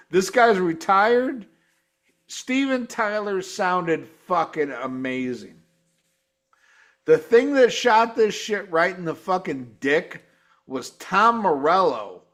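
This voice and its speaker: A man with a high-pitched voice hosts a loose review chat, swearing hard and getting worked up. He talks in bursts of excitement and disbelief. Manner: profane, excitable, mimics guitar sounds. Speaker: show host. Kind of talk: casual live-stream review chat.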